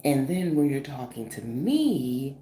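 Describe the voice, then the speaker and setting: A woman in her forties from the northeastern US telling a story in a casual, animated, profane vlog style, full of fillers. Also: very deep voice, slow. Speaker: vlogger. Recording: echoey room with faint noise.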